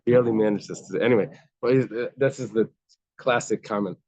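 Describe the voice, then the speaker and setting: Low-voiced man teaching a Talmud class. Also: normal speed, darkish tone, no room sound, highs cut off. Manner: reads Aramaic text then explains in English, casual and conversational.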